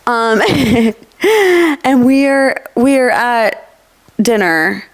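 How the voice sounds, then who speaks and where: A woman's voice: a little high, very slow. A young adult woman hosting a podcast, telling stories in a casual chat with lots of laughter. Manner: animated storytelling with frequent laughter. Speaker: podcast host.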